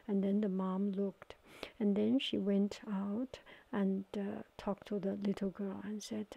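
A woman telling a story in a soft-spoken ASMR style, halting and searching for words, often slipping into a whisper. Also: medium pitch, little pitch movement, gravelly, slightly rough. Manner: partly whispered. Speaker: watercolor ASMR artist.

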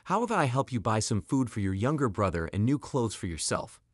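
Brief: soft-spoken, reassuring young man voiced by a male narrator, lively intonation, dry close sound. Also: medium pitch, a little fast, dry recording. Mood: gentle. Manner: gentle, reassuring. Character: kind, patient young man helping a girl.

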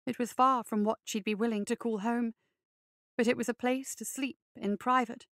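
A woman narrates a fantasy story with a slightly high, gravelly voice, taking her time over each line. Her delivery is measured and even, and the recording is close and dry. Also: no echo. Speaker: reader.

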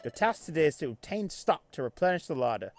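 A man's voice: a little high, very animated, fast, creaky, faint music behind. A man voicing a prim, fussy male bird steward in a put-on British accent, reading game dialogue aloud.

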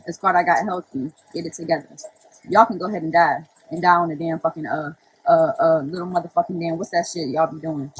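A woman's voice: lowish voice, a little hiss or hum, poor audio. A young woman ranting casually on a phone livestream, brash and profane, often breaking into laughter.

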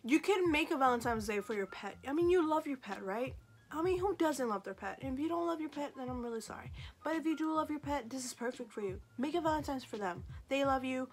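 A woman's voice: sits high, expressive, fast. A woman vlogger chatting casually to camera in a sassy, joking, self-mocking way. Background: faint background music.

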